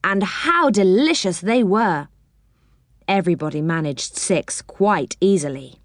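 Expressive woman reading a children's story. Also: on the low side, a little slow, no room sound, studio quality.

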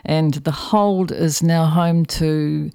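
NZ-radio host, gravelly voice, dry studio sound, chatty with wry asides. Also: mid-range voice, steady tone, slow pace, warm tone, dry recording. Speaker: radio music show host. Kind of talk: casual radio presenting.

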